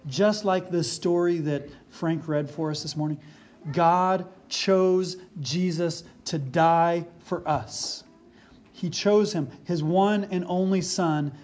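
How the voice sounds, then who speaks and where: A man delivers a sermon in an earnest, deliberate manner, taking his time. His voice sits a little high for a man. He leans on key phrases and repeats them for weight. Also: darkish tone. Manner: slow and deliberate. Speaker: pastor.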